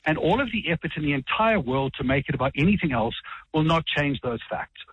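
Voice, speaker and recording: A South African man speaks in a broadcast political debate, pressing his case with assertive, point-by-point rebuttals. His voice sits a little high and has a husky edge. The recording sounds dull and lo-fi, like broadcast audio. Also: animated, a bit bright, no echo. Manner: assertive, rapid rebuttals, quotes rules. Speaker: political party spokesman.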